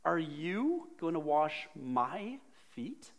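A man's voice: on the high side, sing-song, extremely slow, pitched above the performer's own voice, heavily acted. A man voicing an agitated male disciple who protests in rising exclamations, within a sermon. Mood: incredulous.

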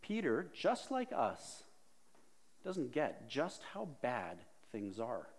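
Preaching slowly, this pastor has a medium-pitched voice that swings hugely in pitch. He keeps the sermon conversational, putting questions to his listeners.

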